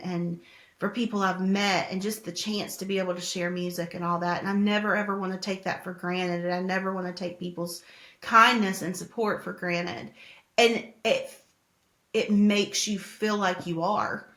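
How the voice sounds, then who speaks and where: A woman musician talking candidly as an interview guest, open and heartfelt, pausing often with "like" and "um". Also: lowish voice, fairly even intonation, fairly bright tone, reverberant. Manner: open, heartfelt, hesitant with many "like"s.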